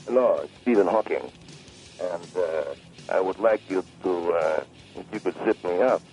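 A man imitating a slow, flat, mechanical synthesized voice. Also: deep voice, faint music behind, voice pushed down, natural voice, rough recording. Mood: robotic. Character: imitation of a famous physicist's synthesized voice.

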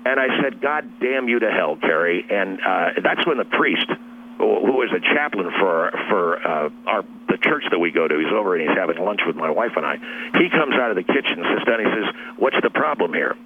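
A man's voice: low-pitched, expressive, brisk, breathy edge. A man calling into a radio show, telling a long, rambling story and getting worked up as he repeats himself. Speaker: caller. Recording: phone line.

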